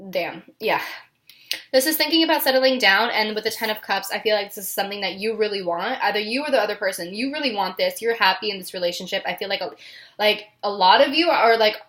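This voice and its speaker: A woman's voice: mid-range voice, a bit bright. A young woman reading tarot cards in a casual vlog, emotional and giggly, with many fillers. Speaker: tarot reader.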